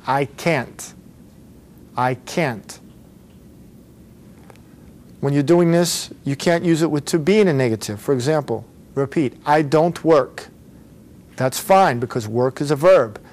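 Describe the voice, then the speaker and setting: A man's voice: on the high side, a little mellow. A man teaching an English grammar lesson, patiently explaining and repeating model phrases for learners to say back.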